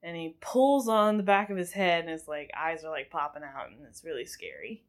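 A woman's voice: deep voice, animated, fairly quick. A young woman casually recapping a film as a podcast host, chatty and giggly, rambling with lots of fillers. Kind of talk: casual chat.

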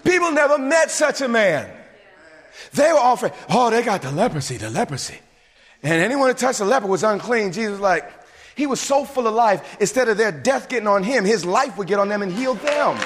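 This sermon comes from a man from the suburbs whose high, lively voice swings up and down. Long reverb from a large hall carries his emphatic delivery, asides, and fast restarts.

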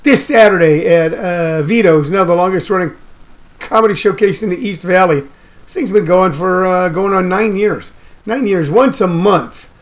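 A man's voice: sits high, normal speed. A man hosting a radio show, riffing loosely in a comedic rant and repeating his phrases. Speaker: radio host.

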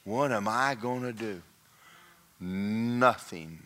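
A male pastor preaching a sermon, swinging from folksy joking asides to shouted, singsong climaxes. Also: fairly low pitch, slow.

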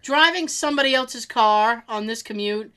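A woman's voice: a little high, moderate pace, pushed and bright, clean tone. A middle-aged woman co-hosting a casual chat, telling profane family stories with a lot of cursing. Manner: profane, storytelling, imitates family in quotes. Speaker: podcast co-host.

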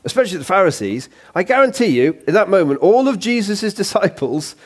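A man's voice: high-pitched, very animated, brisk, slightly rough. A man preaching a sermon in a church, conversational and playful, with humorous asides.

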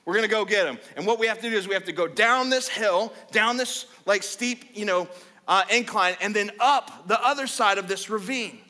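A man's voice: high voice, normal speed, pushed and bright, big-room sound. A man voicing a bold young warrior prince who rallies his companion into battle, in a brash, eager way. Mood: rallying.

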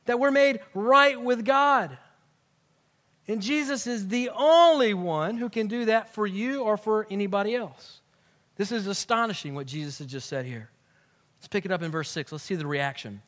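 A man with a strikingly high voice preaches in a loose, conversational way, tossing in slang as he retells a scene. His voice rings with the long reverb of a large hall. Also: a bit bright. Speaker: pastor. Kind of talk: sermon. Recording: echoey hall.

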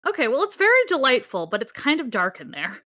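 Bright, dry-voiced woman chatting excitedly. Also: high-pitched, quick pace, dry recording. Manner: enthusiastic, rambling, laughs often. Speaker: podcast co-host. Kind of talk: casual chat.

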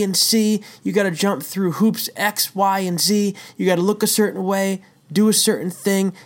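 A devotional teacher giving a casual talk, telling a story with emphatic rhetorical questions and chatty asides. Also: mid-range voice. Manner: conversational, says "dude" and "right?".

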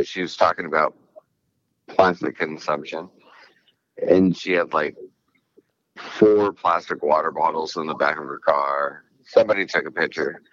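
A man's voice: a bass voice, fairly bright tone, no room sound, muffled recording. A man casually chatting as a podcast co-host, telling stories hesitantly with lots of fillers. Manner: hesitant, filler-heavy storytelling. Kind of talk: casual chat.

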